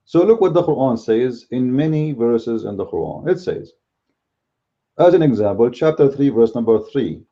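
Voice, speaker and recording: A man's voice: medium pitch, expressive, moderate pace, dark tone, lo-fi sound. A man whose first language is Arabic, giving blunt, combative commentary as a Christian apologist in a casual video. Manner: blunt and combative, speaks bluntly by his own account.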